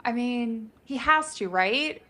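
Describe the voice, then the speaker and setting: A woman's voice: fairly high pitch, expressive, slow pace, bright, forceful tone. Chatty woman co-hosting a book chat. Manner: speculative, chatty, many "like" fillers. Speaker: book discussion co-host. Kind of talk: casual live book chat.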